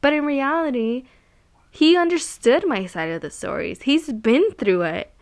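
A woman's voice: sits high, expressive, measured pace. A woman casually telling a personal story, rambling with lots of "like" and "um" and repeating words for emphasis. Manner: rambling, heavy use of "like" and "um". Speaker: solo podcaster or vlogger.

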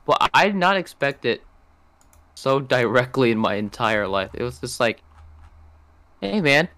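A man's voice: medium pitch, very animated, moderate pace, pushed and bright, no echo. A young man co-hosting a casual podcast, hesitant, often trailing off and restarting his sentences. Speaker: podcast co-host. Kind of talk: casual chat.

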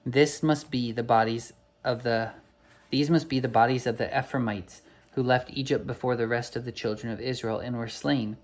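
A man's voice: mid-range voice, fairly even intonation, normal speed, natural voice. A man reading the part of a bold male hero on a quest in a storybook, formal and earnest.

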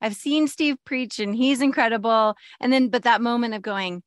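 A woman's voice: a little high, normal speed, no room sound. A woman hosting a podcast interview, laughing often and offering encouraging responses. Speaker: podcast host. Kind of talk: casual interview chat.

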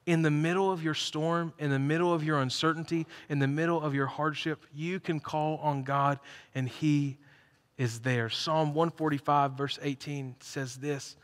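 A man preaching a sermon to a live congregation, telling stories with energy and building to loud, emphatic peaks. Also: on the high side, steady tone, normal speed. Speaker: pastor. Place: church hall, live congregation. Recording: reverberant church hall.

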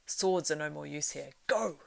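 A woman reading aloud as an old male wizard, giving urgent, forceful commands. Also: deep voice, moderate pace, creaky. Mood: commanding.

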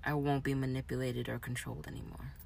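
A woman in a raw, emotional personal monologue, moving between quiet reflection and angry outbursts. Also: rumbling low, level tone, quick pace, creaky, slight background noise.

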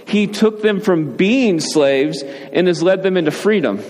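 A man's voice: sits high, a little slow. Preaching man in a reverberant hall. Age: adult, father. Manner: conversational, animated preaching with frequent "right?". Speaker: pastor. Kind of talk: sermon. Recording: reverberant hall with faint ambient noise.

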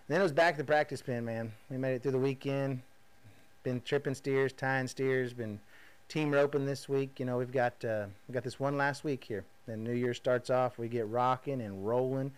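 A man in his thirties with a drawl hosts his own show. He talks casually and folksy, full of energy and side remarks. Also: mid-range voice. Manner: folksy, energetic storytelling with frequent asides. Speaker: podcast host. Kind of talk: casual monologue.

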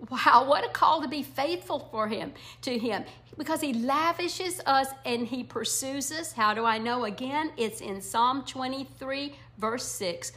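A woman teaching a devotional Bible lesson, speaking earnestly and often dropping to a soft near-whisper. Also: sits high. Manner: speaks song lyrics in a slow cadence.

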